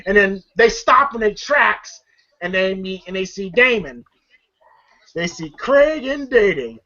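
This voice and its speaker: A man's voice: high-pitched, expressive, unhurried, pushed and bright. A man casually recapping a movie scene by scene, rambling, restarting and laughing often. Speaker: movie reviewer. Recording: dull lo-fi recording.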